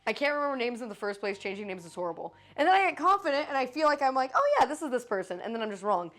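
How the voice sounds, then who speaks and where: Woman streamer, casual live chat, quick to swear and quick to apologize, voice sitting a bit high. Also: sing-song, a bit bright. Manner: swears freely, jumps between joking and apologizing.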